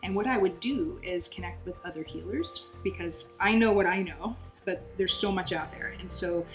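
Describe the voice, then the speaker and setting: Chatty woman, low voice, roomy echo. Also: moderate pace. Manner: earnest, chatty, many fillers. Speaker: holistic health coach, guest. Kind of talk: conversational interview storytelling. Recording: roomy echo, music underneath.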